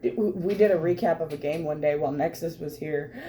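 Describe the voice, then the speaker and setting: A woman co-hosting a podcast, animatedly recapping a tabletop game, laughing often and swearing casually, her voice a little hoarse from laughter. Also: sits low, fairly quick, warm tone, a little hiss or hum.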